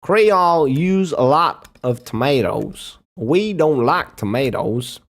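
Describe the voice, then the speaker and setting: A man's voice: fairly high pitch, expressive, takes it slowly, gravelly. A young man streaming and reacting to videos in casual, profane banter, joking around and trying out accents.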